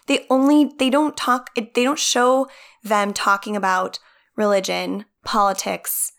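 A chatty woman in casual podcast conversation. She tells stories with lively energy, acts out what people said, and drops the odd swear word. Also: medium pitch, unhurried, creaky. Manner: chatty, animated storytelling with lots of quoting and casual swearing. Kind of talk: casual chat recapping a reality show.

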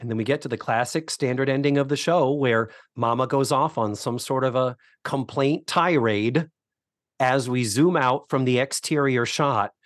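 A man co-hosting a podcast, casually recapping a TV episode with animated storytelling. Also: medium pitch, moderate pace, dry recording, studio quality. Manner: animated storytelling, acts out quotes. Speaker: podcast co-host.

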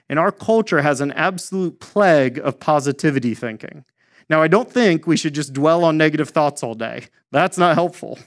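Male pastor, relaxed conversational sermon delivery, voice a bit on the high side. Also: fairly quick. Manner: conversational preaching, folksy asides.

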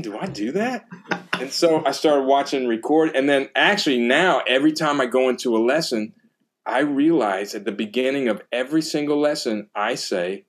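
Man, percussion teacher, casual animated storyteller on a podcast. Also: mid-range voice.

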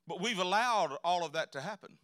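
Male preacher, folksy storytelling sermon, pitched a bit high. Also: expressive, normal speed, fairly bright tone, no echo, clean studio sound. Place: church sanctuary.

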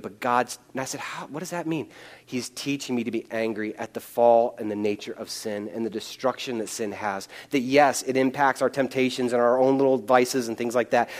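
Impassioned male pastor preaching. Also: medium pitch. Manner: impassioned, shifts from loud pleading to hushed and slow. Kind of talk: sermon. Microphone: microphone.

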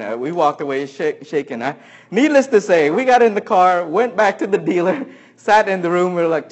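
A pastor's voice, on the high side, carries a personal anecdote in his sermon. He voices the people involved and laughs along the way.

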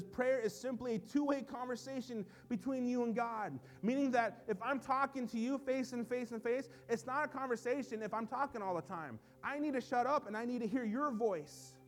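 A man preaching as a pastor, swinging between soft low asides and loud emphatic lines, in a church. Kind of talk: sermon. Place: church sanctuary.

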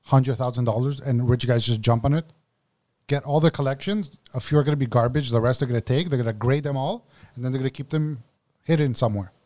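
A man's voice: mid-range voice, steady tone, quick pace, darkish tone. A man co-hosting a podcast, chatting casually and explaining things at length, often saying "bro". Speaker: podcast co-host.

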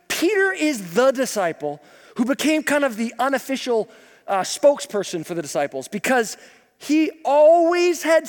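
A man preaching a sermon as pastor, telling the story in a casual, humorous, animated way. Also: very high-pitched, big-room sound.

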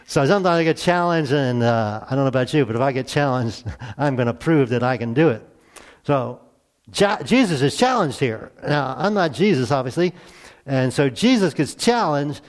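A middle-aged man preaching a sermon to his congregation, conversational and earnest, asking rhetorical questions and swinging between hushed asides and emphatic raised lines. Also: mid-range voice. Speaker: pastor.

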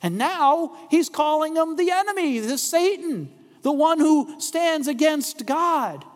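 A man preaching a sermon as pastor, slow and deliberate, asking rhetorical questions. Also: extremely high pitch, animated, in a large hall.

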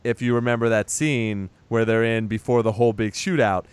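A man's voice: mid-range voice, steady tone, brisk, clear, resonant tone, no echo. A man in casual chat, recapping a movie as a podcast host, chatty and teasing, swearing now and then.

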